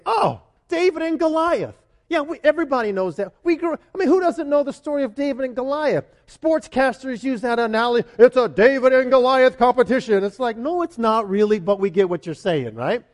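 A high-voiced male pastor preaching with animated, conversational energy. He drives home his points through emphatic repetition and questions to the congregation. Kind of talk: sermon.

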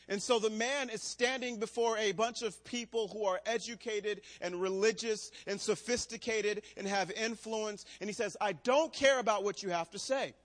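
A man, a pastor, preaching a sermon to a room, moving between loud emphatic preaching and quiet storytelling. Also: high voice. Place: church room.

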